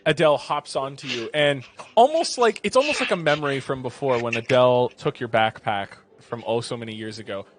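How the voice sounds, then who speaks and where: A man running a tabletop role-playing game as game master, narrating in an expressive way. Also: mid-range voice, fairly quick, slight background noise.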